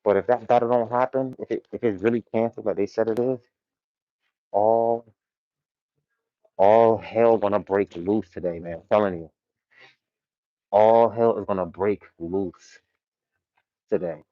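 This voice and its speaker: A man's voice: on the low side, steady tone, unhurried, long pauses, no room sound, dull audio. Laid-back man chatting on a livestream. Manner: loose, laid-back slang-heavy commentary with frequent laughs. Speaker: livestream host. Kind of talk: casual livestream chat. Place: warehouse.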